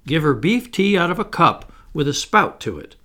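A man's voice: on the high side, big pitch swings, normal speed, bright, forceful tone, voice pushed up. A man voicing a solemn, know-it-all boy who agrees with everything and plays a pompous doctor.

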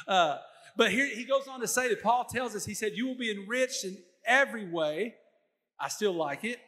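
A bright, high-pitched man preaching a sermon in a church hall. He tells stories, slips into quoted voices and laughs along with his own jokes. His voice rings out with a long hall echo around it. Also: fairly quick. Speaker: pastor.

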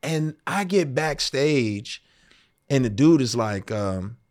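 A man hosting a podcast in casual conversation, excitable and quick to laugh. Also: medium pitch. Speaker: podcast host.

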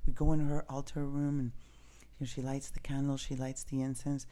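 A man speaking in a soft, earnest, spiritual way in a reflective personal monologue, casually swearing now and then. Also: mid-range voice, level tone, brisk.

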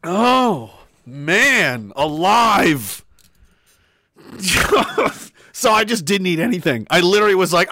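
A man telling a story in a casual rant, animated, swearing and laughing often. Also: high-pitched, slow pace, dry recording, clean studio sound.

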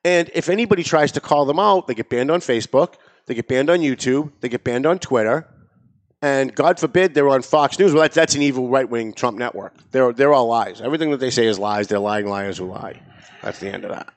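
A man's voice: medium pitch, brisk. A man hosting a political talk show, speaking in a sarcastic, mocking tone. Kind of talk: political commentary chat.

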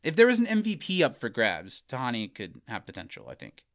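A man co-hosting a podcast, casually recapping a TV episode and acting out quick character quotes with laughs. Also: medium pitch, huge pitch swings, a bit bright. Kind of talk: casual chat.

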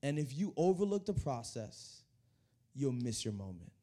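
Animated young man preaching a sermon. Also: medium pitch, moderate pace. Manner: animated, repeats words, talks to the congregation. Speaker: youth pastor. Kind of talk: energetic sermon. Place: church hall.

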